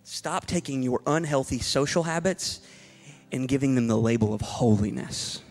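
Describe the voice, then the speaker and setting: A man's voice: mid-range voice, moderate pace, darkish tone, in a large hall, soft background music. A male pastor preaching a sermon to a congregation, emphatic and rhetorical, with playful asides to the room. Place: church hall before a congregation.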